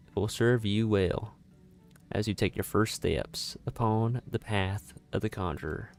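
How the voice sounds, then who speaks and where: Man putting on a solemn guildmaster, put-on Southern drawl, low voice, formal and measured, faint game music. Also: vocal fry, a little mellow. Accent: put-on general Southern US. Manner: formal, archaic, measured delivery. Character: solemn male guildmaster of healing mages. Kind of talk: reading game dialogue aloud.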